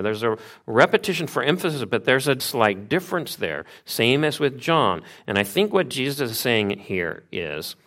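Low-voiced man preaching a sermon. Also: a bit bright. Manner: earnest, conversational preaching with repetition for emphasis. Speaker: pastor.

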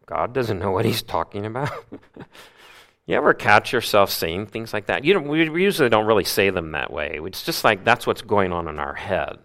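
Male pastor, low voice, animated sermon, loud peaks and hushed asides. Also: normal speed. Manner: acts out grumbling voices.

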